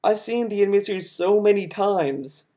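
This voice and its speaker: A man's voice: high-pitched, moderate pace, mellow. A man streaming a reaction to a video, arguing his points emphatically and talking over what he is watching. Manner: argumentative, emphatic, interrupts the video. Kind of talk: heated reaction commentary.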